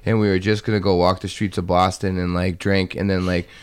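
A young man telling rowdy stories to friends in a casual chat, loudly acting out the people in them. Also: low-pitched, brisk, smooth. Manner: animated storytelling, acts out voices loudly. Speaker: storyteller among friends.

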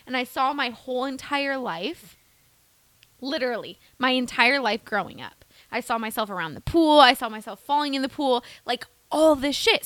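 A woman's voice: high voice, fairly bright tone, dry recording. A young woman co-hosting a podcast, animatedly retelling a story in casual chat, swearing freely. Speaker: podcast co-host.

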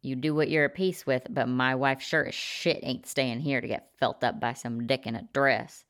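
A man's voice: mid-range voice, steady tone, normal speed, fairly bright tone, lightly acted. A woman voicing a swaggering right-wing prepper man who talks crudely and rallies his friends in a storybook reading. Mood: fired up. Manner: crude, fired-up rallying talk.

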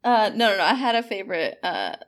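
A woman's voice: mid-range voice, big pitch swings, fast talker. A young woman co-hosting a podcast, chatting casually about a movie with giggly joking asides. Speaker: podcast co-host. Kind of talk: casual movie-review chat.

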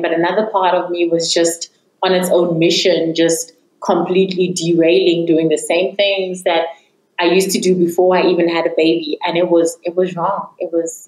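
A woman's voice: fairly low pitch, darkish tone. A young woman earnestly telling her personal faith testimony as an interview guest. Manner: earnest, reflective storytelling. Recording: echoey room.

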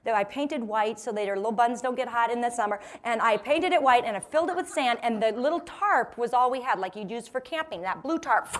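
A woman in her forties giving a humorous storytelling talk to a live audience, lively and self-mocking, laughing often and acting out what people said. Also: a little high, brisk. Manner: lively, self-mocking, acts out quoted voices. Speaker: motivational speaker.

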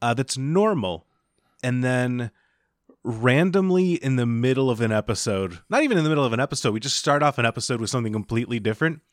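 A man co-hosting a podcast, rambling through joking pitches in casual chat. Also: lively intonation, fast, no room sound, clean studio sound. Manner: rambling, riffing on mock show ideas. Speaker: podcast co-host.

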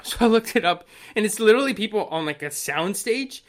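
A man co-hosting a podcast, chatting casually and rambling excitedly with many fillers and restarts. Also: sits high, brisk. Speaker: podcast co-host. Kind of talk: casual chat.

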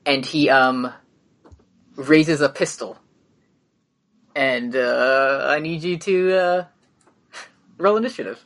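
A man's voice: fairly high pitch, takes it slowly, long pauses, fairly bright tone. Casual man running a tabletop game. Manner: casual, hesitant with many fillers. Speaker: game master.

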